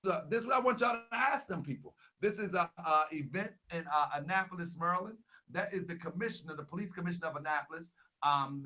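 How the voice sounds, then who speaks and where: The Grand Sheik, a young adult channel host, talks through a set of photos in a casual vlog. His voice is a little high, and he repeats himself a lot, getting louder and more animated as he works himself up.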